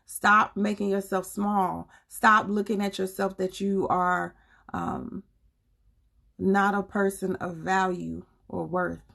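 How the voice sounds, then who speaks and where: A woman's voice: medium pitch, level tone, slow, vocal fry, a bit bright. A woman with a Southern US accent hosting a live stream, talking with viewers in an earnest, preachy and colloquial way. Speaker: livestream host. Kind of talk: casual live chat with viewers.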